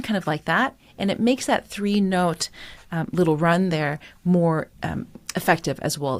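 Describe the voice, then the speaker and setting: Animated woman singing coach. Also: on the low side, a little slow. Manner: enthusiastic, explanatory, breaks into singing examples. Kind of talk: vocal lesson with sung demonstrations.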